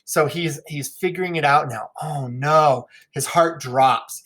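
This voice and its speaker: A male teacher leading a class read-through of a play, explaining the text and now and then reading lines in quick voices. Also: on the high side, fairly bright tone.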